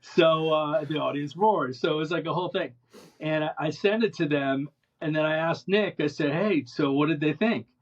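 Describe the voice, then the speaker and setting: A male musician telling animated anecdotes in an interview, rambling with many restarts. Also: a little high, moderate pace, highs cut off. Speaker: interview guest, musician and producer. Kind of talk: casual storytelling in an interview.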